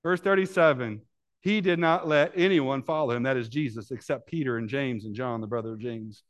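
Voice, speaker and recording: A man preaching at a middle pitch with a dramatic, sweeping delivery. He drops to near-whispers for tender lines, then climbs high and loud when he acts out the crowd and the rejoicing family. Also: brisk. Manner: dramatic, swings from hushed to loud; acts out voices in Bible scenes. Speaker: pastor. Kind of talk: sermon.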